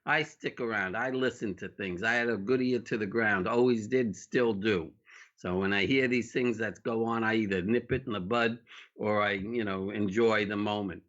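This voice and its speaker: A middle-aged man, a dog show handler, telling anecdotes in an interview in an animated way, acting out the voices of the people in his stories. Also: on the low side, moderate pace. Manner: animated storyteller, acts out quoted voices. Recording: muffled lo-fi interview audio.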